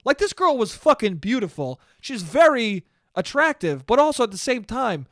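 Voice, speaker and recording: A man's voice: sits high, sing-song, brisk, few pauses, fairly bright tone, no room sound, clean studio sound. A man hosting a podcast, telling a rambling, profane comedic story on his own. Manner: profane, rambling, acts out dialogue. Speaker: podcast host. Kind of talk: casual comedic storytelling monologue.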